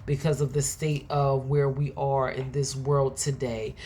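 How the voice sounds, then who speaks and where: Woman, middle-aged, deep voice, unhurried delivery, motivational affirmations, preacher-like emphasis. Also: level tone, warm tone, a little hiss or hum. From Philadelphia. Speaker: motivational speaker.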